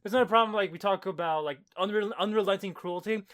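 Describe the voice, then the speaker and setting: High-voiced fast-talking man, blunt. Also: a bit bright. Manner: blunt, profane, stumbling restarts. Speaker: podcast co-host. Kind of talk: casual comic book discussion.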